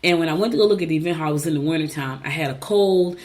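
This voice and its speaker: A woman radio host reading horoscopes in a casual, chatty way, with animated storytelling asides. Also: deep voice, very fast.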